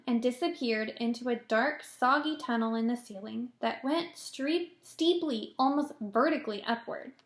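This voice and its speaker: A woman teacher reading a children's novel aloud in a clear, steady storytelling manner. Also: a little high. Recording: roomy echo.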